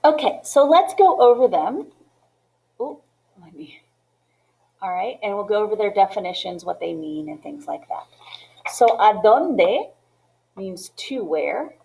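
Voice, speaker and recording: A woman's voice: mid-range voice, lively intonation, a little slow, vocal fry, pauses often, mellow, low-quality recording. A woman teaching a Spanish lesson, explaining step by step and often checking in with "okay?" and "right?". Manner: mixes English with Spanish phrases. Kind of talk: classroom lesson walkthrough.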